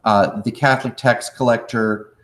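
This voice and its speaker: A man's voice: medium pitch, steady tone, moderate pace, fairly bright tone. Male history teacher, casual and jokey, reviewing for an exam; roomy echo. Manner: casual, joking, talks to viewers in chat; acts out historical figures in slangy voices. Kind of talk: live-streamed exam review. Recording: echoey room.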